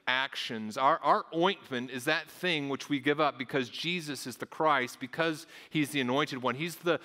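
A man's voice: medium pitch, normal speed, sharp tone, big-room sound. A man, a pastor, preaching a sermon earnestly, often repeating his words as he goes. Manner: earnest, repeats words, acts out voices of onlookers.

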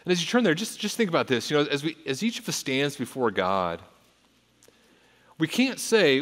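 Man, pastor, earnest sermon, repeats and restarts, mid-pitched voice, long hall reverb. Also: big pitch swings, brisk, a bit bright. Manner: earnest, with frequent repetitions and restarts; rises in pitch and force when reading scripture.

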